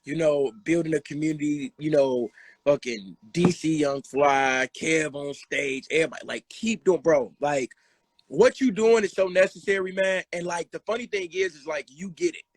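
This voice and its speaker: A man hosting a casual talk, emphatic and sometimes dropping into a low, earnest tone. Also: fairly even intonation, normal speed, breathy edge, dry recording. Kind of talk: casual chat.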